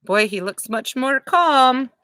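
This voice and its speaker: A woman preschool teacher reading a picture book aloud to young children, animated and asking them questions. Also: sits high, slow pace, no echo.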